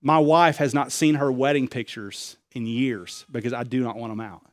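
A man preaching a sermon, confessional and personal, acting out conversations, swinging between loud excited bursts and quiet low remarks. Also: moderate pace. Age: adult, married with young children. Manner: acts out dialogue in quoted voices. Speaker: pastor.

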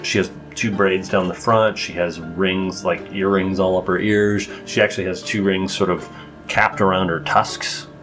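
A man's voice: low voice, steady tone, moderate pace, music in the background. A man narrating as game master in a casual, rambling way.

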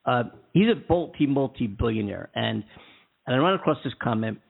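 A man's voice: medium pitch, expressive, fairly quick, vocal fry, breathy edge. A man hosting a podcast alone, chatting casually and rambling with lots of fillers and restarts. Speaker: podcast host. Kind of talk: casual solo podcast chat. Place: California. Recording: tinny phone-like line.

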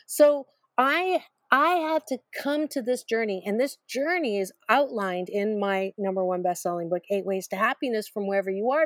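A middle-aged author being interviewed tells her story with emphasis, repetition, and self-deprecating humor. Her pitch is fairly high, and the recording has no room sound.

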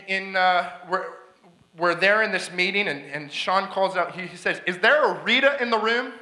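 A man preaching a sermon as a guest speaker, telling a story with excitement, frequent restarts and laughter. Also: sits high, reverberant. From Canada. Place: church sanctuary.

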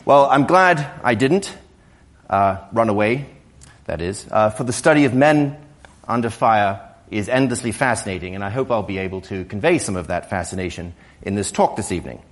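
A man with a hoarse voice from a cold, an author giving a public lecture in a museum, at times hesitant with fillers and restarts. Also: lowish voice, animated, moderate pace.

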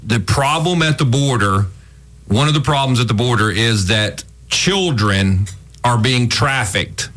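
A man's voice: mid-range voice, lively intonation, measured pace, fairly bright tone. Opinionated male radio host. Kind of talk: radio talk show chat.

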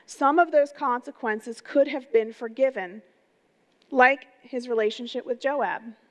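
A middle-aged woman pastor giving an energetic, conversational sermon, often putting rhetorical questions to her congregation. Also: high voice, measured pace. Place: church sanctuary. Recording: long reverb of a large hall.

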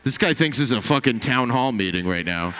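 A man's voice: medium pitch, expressive, brisk, long reverb tail, noisy background. A man doing a stand-up set, brash and profane, teasing people in the crowd. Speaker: stand-up comedian. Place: comedy club stage.

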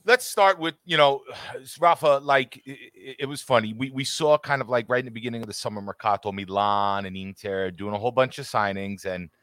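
A man's voice: medium pitch, brisk, fairly bright tone, no room sound. A man co-hosting a casual live-streamed football podcast, upbeat and greeting viewers by name. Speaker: podcast co-host. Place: home studio with green screen.

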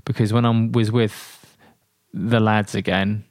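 A man, a guest and military veteran, telling anecdotes in an animated way with many fillers and restarts. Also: fairly low pitch, slow, dry recording, studio quality. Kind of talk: storytelling in a podcast interview.

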